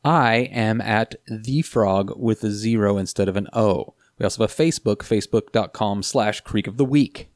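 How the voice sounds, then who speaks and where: A man's voice: fairly low pitch, normal speed, few pauses, no room sound, studio quality. A man co-hosting a podcast in casual chat, with wry, joking remarks. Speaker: podcast co-host. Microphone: headset mic.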